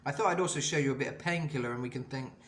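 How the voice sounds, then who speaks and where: A man's voice: mid-range voice, rapid-fire, a bit bright, roomy sound, a little hiss or hum. A man giving a casual singing lesson and explaining vocal technique in loose, rambling talk full of fillers. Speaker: vocal coach.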